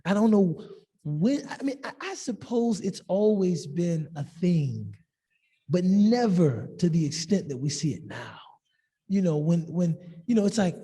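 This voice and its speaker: Man, class teacher, animated and joking, husky and gravelly, long hall reverb. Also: a little high. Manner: animated, joking, acts out quoted people. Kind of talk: discussion-based class talk.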